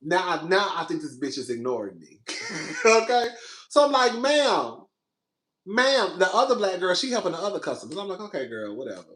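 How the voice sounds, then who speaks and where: A man's voice: high voice, expressive, fairly quick, a bit bright, echoey room. A young man telling a story in a casual rant, sassy, exasperated and profane, with dramatic delivery. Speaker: podcast host.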